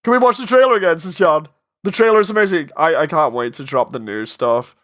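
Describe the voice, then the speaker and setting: A man's voice: fairly high pitch, expressive, a little fast, fairly bright tone. A man chatting casually on a live stream while working on his animation, rambling, interrupting himself and getting exasperated.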